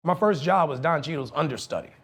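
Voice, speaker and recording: A man, telling profane, animated stories as a guest on a casual podcast. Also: a little high, fast, breathy edge. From New Orleans, USA. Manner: animated, profane storytelling with frequent laughter. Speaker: guest actor. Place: podcast studio.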